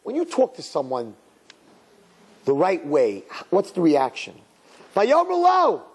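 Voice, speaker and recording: A middle-aged man teaching a sermon-style class to a room of girls, telling a story with sudden jumps in pitch for emphasis and mixing in Hebrew and Yiddish words. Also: huge pitch swings, measured pace, mellow, breathy edge. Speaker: Torah teacher.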